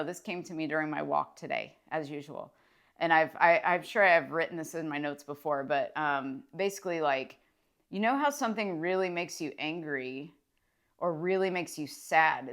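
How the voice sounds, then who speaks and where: A woman, a social worker, talking casually and enthusiastically to camera about mindset, rambling with fillers and restarts. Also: low voice. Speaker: licensed clinical social worker and mindset vlogger. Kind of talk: casual motivational talk to camera.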